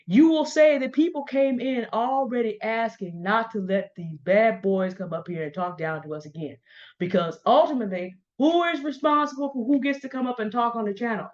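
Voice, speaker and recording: A middle-aged woman giving pointed, confrontational commentary, speaking straight to the people she calls out by name. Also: a little high. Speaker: commentary host. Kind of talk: direct-address commentary. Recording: dull lo-fi sound.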